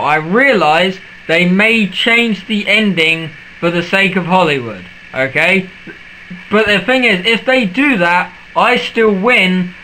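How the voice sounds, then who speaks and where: A young man with a high, bright voice, ranting to camera in a profane, sarcastic vlog. He mocks everything he retells and swears constantly. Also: slight background noise, rough recording. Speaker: vlogger. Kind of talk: ranting film rant vlog.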